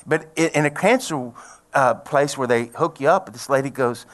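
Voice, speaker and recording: A middle-aged man preaching a sermon, telling a personal story in a folksy way and building to loud, excited preaching. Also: mid-range voice, normal speed. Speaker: pastor.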